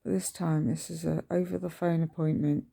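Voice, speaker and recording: A woman's voice: deep voice, little pitch movement, normal speed, gravelly, warm tone. A middle-aged woman vlogging at home in a rambling, chatty way, full of ums and restarts. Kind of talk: casual early-morning vlog chat. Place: at home indoors.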